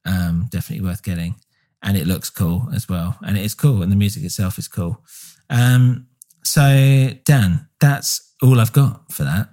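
A man co-hosts a podcast in a casual chat, relaxed and enthusiastic, with plenty of filler words. His voice is on the low side and he speaks at a normal speed.

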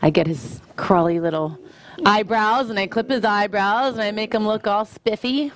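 A woman's voice: mid-range voice, moderate pace. A woman guest in a casual chat, talking earnestly and from the heart.

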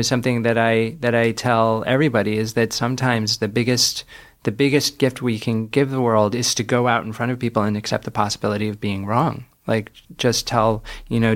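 A man's voice: medium pitch, fairly bright tone. A man, a guest author, reflecting on his experiences in an earnest conversational way, often restarting sentences and laughing as he tells stories.

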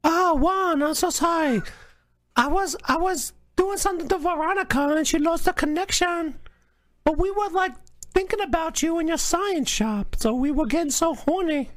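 Guy doing a squeaky flirty lady voice, broken english, pushy, dry close sound. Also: moderate pace, a bit bright, dry recording. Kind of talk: prank call.

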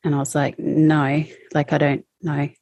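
A woman recounting her personal experiences as an interview guest, speaking in a halting, emotional way. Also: low-pitched, level tone, dark tone, no echo. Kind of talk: personal testimony.

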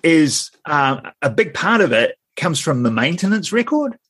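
A man's voice: fairly high pitch, very animated, measured pace, fairly bright tone, breathy edge, dry recording. A New man co-hosting a casual podcast, rambling and restarting his sentences, laughing as he goes. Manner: rambling, self-interrupting, laughs often. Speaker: podcast co-host. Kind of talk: casual chat.

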